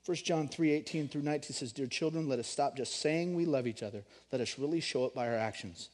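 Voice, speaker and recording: A middle-aged man preaching a sermon, animated, swinging between loud emphasis and hushed storytelling. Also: mid-range voice, brisk. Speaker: pastor.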